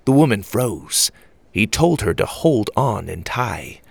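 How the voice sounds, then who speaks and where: A man reading a children's audio story aloud as narrator, with expressive storytelling. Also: lowish voice, slow pace, vocal fry, breathy edge, no echo.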